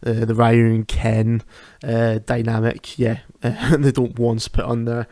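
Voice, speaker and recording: A man's voice: medium pitch, monotone, measured pace, few pauses, warm tone, no room sound. A man hosting a solo podcast from home, chatting casually, often laughing and restarting his sentences. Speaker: podcast host. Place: home at night.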